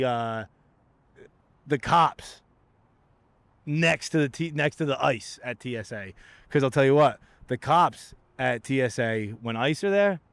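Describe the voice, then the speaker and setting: A man's voice: a little high, clean tone, dry recording. A man hosting a podcast, telling a rambling, profane comic story and laughing as he goes. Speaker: podcast host. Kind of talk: casual comedic monologue. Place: outdoors by a lighthouse.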